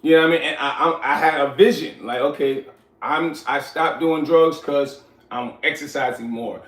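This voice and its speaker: A man, telling stories from his youth in casual, animated talk, often asking "you know what I'm saying". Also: on the high side, moderate pace. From New York. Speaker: host. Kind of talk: casual storytelling. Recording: echoey room, far from mic.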